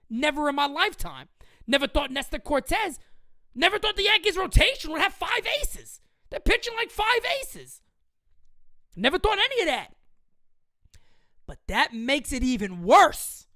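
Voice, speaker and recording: Heated, high-voiced woman ranting as a livestream host. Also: pushed and bright, no room sound, clean studio sound. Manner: heated, profane, repeats points for emphasis. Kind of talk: sports fan rant on a livestream.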